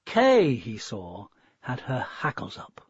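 A man narrating a children's story in an expressive, measured way, on a dull, dry lo-fi recording. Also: mid-range voice, slightly rough, no echo.

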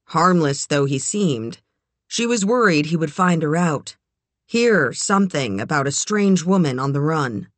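A woman narrating a novel as an audiobook reader, in a measured, even way. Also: deep voice, no room sound. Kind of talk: scripted narration.

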